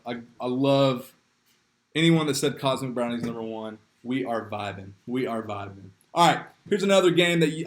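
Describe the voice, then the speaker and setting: Young guy running a youth group stream, kinda high voice, jokey and upbeat, echoey room. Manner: upbeat, joking, reading chat names aloud. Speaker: youth pastor. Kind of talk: livestream youth group games.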